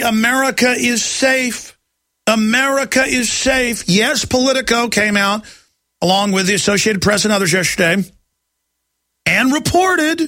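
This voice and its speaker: A man hosts a talk radio show in a high, sharp voice, ranting and mocking with biting sarcasm. The sound is dry and close. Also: dry recording. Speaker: radio host.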